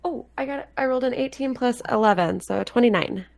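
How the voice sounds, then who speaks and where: Gravelly-voiced woman player. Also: on the high side, fast talker, darkish tone. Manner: giggly, playful. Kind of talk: playing a tabletop game.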